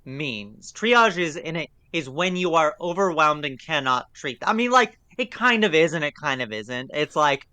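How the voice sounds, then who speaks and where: Young male co-host, exasperated and snarky, bright tone, dry close mic. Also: on the high side, lively intonation, moderate pace, few pauses, clean tone, dry recording. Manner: sarcastic, exasperated, swears. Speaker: podcast co-host. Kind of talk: casual chat reviewing an audio drama.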